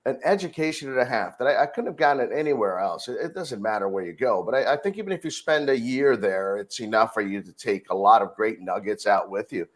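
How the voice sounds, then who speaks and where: A man's voice: lowish voice, quick pace, few pauses. A middle-aged man, a podcast guest, telling a work story in casual conversation and acting out the dialogue. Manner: animated storyteller, acts out dialogue. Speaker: podcast guest, security director.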